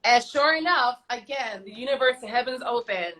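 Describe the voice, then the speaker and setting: Animated woman telling stories on a video call. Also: a little high, normal speed, rough recording. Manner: animated, acts out voices in her stories; chatty, with slangy asides. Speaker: guest singer. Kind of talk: casual storytelling.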